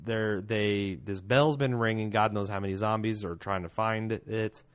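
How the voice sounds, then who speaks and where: A man's voice: fairly low pitch, steady tone, normal speed, smooth. A man co-hosting a podcast in casual chat, dry and sardonic, joking as he talks. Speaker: podcast co-host.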